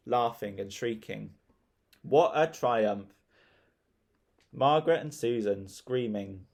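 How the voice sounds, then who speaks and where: A man reading a children's story aloud in a relaxed, playful way. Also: medium pitch, creaky.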